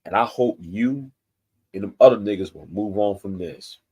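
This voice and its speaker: A man's voice: on the low side, normal speed, darkish tone, slightly rough. A man in his forties giving a confrontational, threatening rant straight to the camera, profane and repeating himself for emphasis. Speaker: YouTube commentator. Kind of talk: angry direct-to-camera rant.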